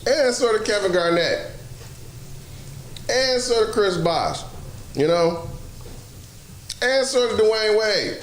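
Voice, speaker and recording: A man hosting a casual sports talk show, loud and profane, laughing often as he talks. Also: high voice, expressive, slow, pauses often. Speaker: podcast host. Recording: roomy echo, faint noise.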